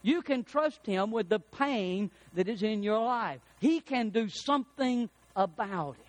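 A middle-aged man preaching a folksy sermon, swinging between loud emphasis and hushed, prayerful passages. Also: high voice, expressive, unhurried, dry recording. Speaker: pastor.

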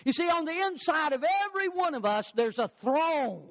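A man's voice: very high-pitched, very animated, normal speed. An older man preaching a sermon in an emphatic, repetitive preaching cadence, driving points home as a pastor.

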